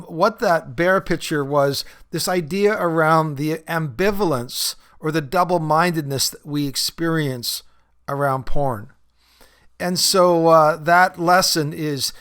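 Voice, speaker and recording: A man's voice: on the high side, a bit bright, clean tone. A man hosting a podcast, talking casually with many fillers and laughing at his own stories as he leads a recovery-group talk.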